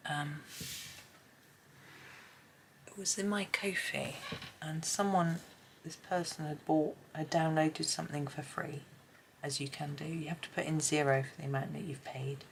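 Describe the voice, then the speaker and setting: Hoarse, low-voiced woman chatting. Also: steady tone, unhurried, pauses often, slight background noise. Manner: chatty, rambling, half-whispers while concentrating. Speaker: colouring channel host. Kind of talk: casual chat while colouring.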